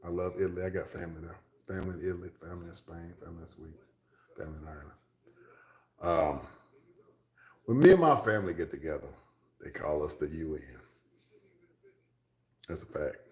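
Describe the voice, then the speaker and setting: A man's voice: low voice, lively intonation, a little fast, long pauses, a little mellow, roomy sound. A man from Texas, chatting casually with livestream viewers, rambling along and dropping to a whisper for asides. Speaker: livestream host.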